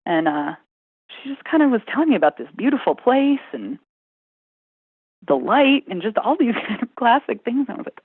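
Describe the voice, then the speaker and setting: Woman nurse chatting casually over a tinny phone-like line, husky voice, laughs a lot telling stories. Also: a little high, moderate pace, no echo. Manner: laughs often, animated storytelling. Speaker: ER nurse guest. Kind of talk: casual conversation. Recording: phone-like remote audio.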